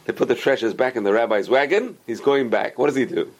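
A man's voice: mid-range voice, fast. A man telling a religious story with a moral lesson, acting out the characters' lines. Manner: animated, acts out characters' lines.

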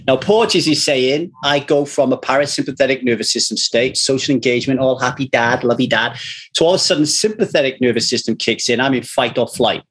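A man, a recovery coach, talking casually in a rambling way, swearing freely and telling animated stories. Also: mid-range voice, fairly quick, slightly rough. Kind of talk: casual conversation.

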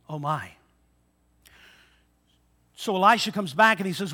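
Male pastor, high bright voice, preaches with acted-out retellings and call-outs to the congregation. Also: expressive, a little slow, long pauses. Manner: dramatic retellings with shifting loudness; rhetorical questions to the congregation. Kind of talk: sermon.

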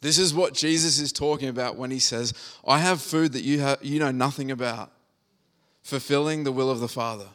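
A man's voice: medium pitch, fairly quick, fairly bright tone. A man preaching a conversational sermon, reading scripture and retelling the story with humor.

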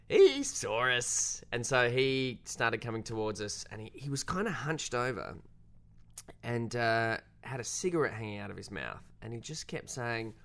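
A young Australian man, a filmmaker guest, telling a story in casual, self-deprecating chat. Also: moderate pace. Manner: animated, self-deprecating, jumps pitch when quoting.

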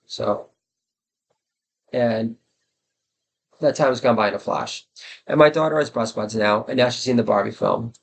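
A man in his forties with a gravelly, creaky voice and a middling pitch hosts a solo podcast. He wanders from story to story with crude jokes and self-deprecating asides. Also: a little slow, long pauses. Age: 40s. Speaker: podcast host and comedy writer. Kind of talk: rambling solo podcast monologue.

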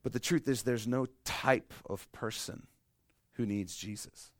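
A middle-aged man delivers a sermon in a dry, close sound with no room echo. His voice sits at an ordinary pitch, and his storytelling runs from loud, emphatic peaks down to quiet, hushed lows, with a streak of self-deprecating humor. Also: slow. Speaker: pastor.

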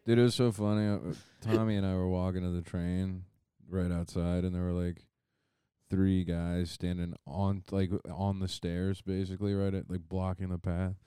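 Very deep, resonant young man joking. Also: level tone, normal speed, dark tone, smooth, dry recording, clean studio sound. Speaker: podcast co-host. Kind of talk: casual chat.

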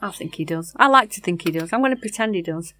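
A woman's voice: fairly low pitch, expressive, fast talker, bright, forceful tone. A woman co-hosting a podcast in easygoing, casual chat. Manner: easygoing, laughs along. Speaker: podcast co-host.

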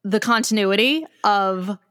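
A woman co-hosting a podcast, speaking at an ordinary middle pitch. She talks in loose, chatty runs strung together with "like". The recording is close and dry, with no room sound. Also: measured pace, fairly bright tone, clean tone, no room sound. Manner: chatty, strings thoughts together with "like". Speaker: podcast co-host. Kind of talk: casual chat.

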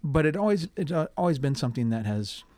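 A man who acts in community theater, relaxed and thoughtful in an interview. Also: a little high, fast, no echo. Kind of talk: casual interview.

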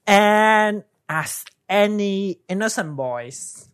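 Halting podcast co-host. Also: medium pitch, lively intonation, a bit bright, clean tone, no room sound, clean studio sound. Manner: halting, searches for words. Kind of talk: casual chat.

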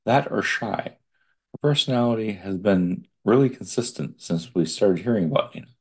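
A man's voice: fairly low pitch, lively intonation, normal speed, a little mellow, breathy edge. A man reading the lines of a young mother who recounts her child's story in a matter-of-fact way.

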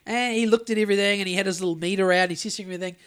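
A man's voice: high-pitched, steady tone, rapid-fire, a bit bright, clean tone. Rambling sweary Australian man. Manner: rambling, sweary storytelling with many restarts. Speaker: podcast co-host. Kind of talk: casual chat.

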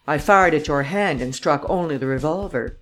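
A man reading an audiobook, voicing a calm, commanding gentleman adventurer who talks with a mocking edge. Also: a little high, normal speed, faint music behind, lightly acted.

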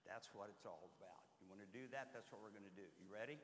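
A man praying aloud, then leading the children's time in a church, gentle and playful. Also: on the low side, fast, slight background noise. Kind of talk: prayer and children's lesson in church. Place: church sanctuary. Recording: echoey church hall with long reverb.

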